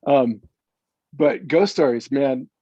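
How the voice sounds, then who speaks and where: A man's voice: mid-range voice, slow pace, dark tone, husky, no echo, highs cut off. A man joining a podcast as a guest, chatting in a laid-back way and laughing often. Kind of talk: casual chat.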